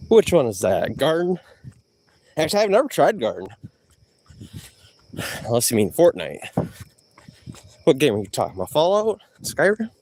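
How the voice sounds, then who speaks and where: A man vlogging live outdoors while jogging, slangy and animated, a bit out of breath, talking into a body-worn mic. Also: medium pitch, normal speed, pauses often, a little hiss or hum.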